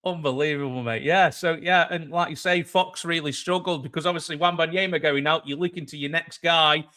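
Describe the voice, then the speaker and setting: A man's voice: a little high, steady tone, brisk, pushed and bright. A man hosting a sports podcast, chatting casually and animatedly, often calling his guest "mate" and "man". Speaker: podcast host.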